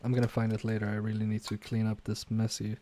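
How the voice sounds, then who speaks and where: A man's voice: lowish voice, completely flat delivery, quick pace, warm tone, a little hiss or hum. A man casually live-streaming a repair from his home workbench, reading viewer chat aloud and muttering to himself with self-mocking humor.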